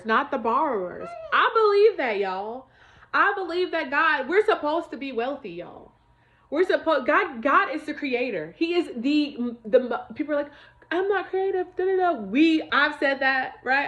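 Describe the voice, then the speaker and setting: A woman vlogging from home gives a casual faith testimony, talking emphatically to her viewers about faith and money. She's chatty and keeps addressing them as "y'all," in a high, fairly bright voice.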